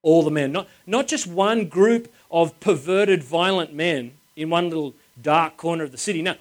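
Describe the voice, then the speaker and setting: Man, sermon, slightly high pitch, emphatic, repeats phrases, informal. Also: moderate pace. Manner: informal, chatty with the congregation. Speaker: preacher.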